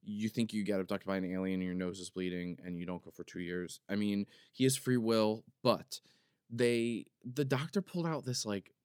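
A man with a lowish, smooth voice rambles through a casual podcast monologue, leaning on "like" and trailing asides. He sounds close to the mic in a dry room with no echo. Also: normal speed, a little mellow. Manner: rambling, full of "like" fillers. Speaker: podcast host.

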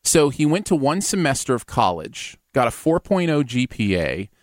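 Lively, laughing male co-host. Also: mid-range voice, moderate pace, no echo, clean studio sound. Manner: animated, laughs often, jokey. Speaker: radio co-host. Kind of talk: casual news chat.

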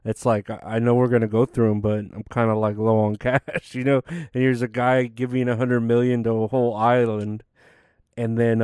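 A man's voice: mid-range voice, mellow, clear, resonant tone, no room sound, clean studio sound. A young man rambling casually to camera, tired and yawning, full of fillers and restarts. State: sleepy, yawning. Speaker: vlogger.

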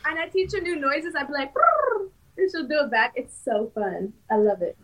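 A young woman rapper talks about her work in a relaxed, easygoing way on a studio podcast. Her voice sits somewhat high for a woman. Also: a little fast, rough recording. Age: young adult. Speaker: rapper and guest. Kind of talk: casual podcast conversation.

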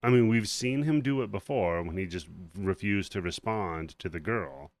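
A man co-hosting a comedy podcast, retelling a movie plot with lots of swearing and acting out the characters in quick bits. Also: lowish voice, dry recording. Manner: animated storytelling, acts out movie characters. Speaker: podcast co-host. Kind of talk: casual comedic movie recap.

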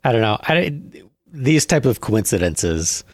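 A man co-hosting a casual comedy podcast, wry and quick with story ideas, often restarting his sentences. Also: medium pitch, big pitch swings, dry recording, studio quality. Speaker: podcast co-host.

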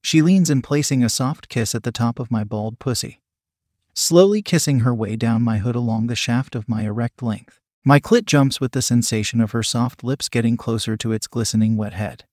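A man reading a first-person story aloud in a steady, even manner. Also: medium pitch, normal speed, dry recording, studio quality. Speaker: audiobook narrator.

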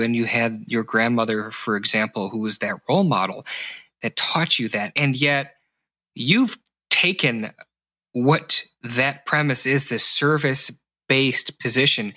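Host: man, bright forceful tone, affirming questioner. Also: medium pitch, low-quality recording. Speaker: podcast host. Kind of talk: podcast interview.

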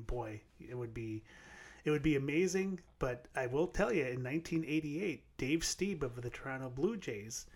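Male co-host, casual podcast chat, emphatic and a little halting. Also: a little high. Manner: emphatic, hesitant restarts.

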